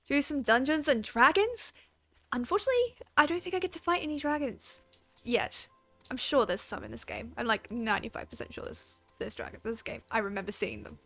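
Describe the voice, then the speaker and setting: A woman's voice: fairly high pitch, vocal fry, bright, forceful tone. A woman game streamer chatting casually and giggling, swearing now and then. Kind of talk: casual live-stream chat.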